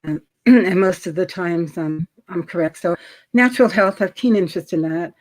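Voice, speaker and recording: A middle-aged woman from New York with a New York accent, a guest chatting casually about credit, often pausing with ums and clearing her throat. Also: on the low side. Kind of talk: casual interview chat.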